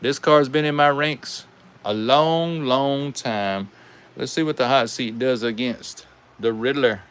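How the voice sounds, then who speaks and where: A man with a Southern American accent calls toy car races live, folksy and animated. His voice sits at an everyday middle pitch, and he talks straight to his viewers like old friends. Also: slow pace, smooth. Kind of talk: live race commentary.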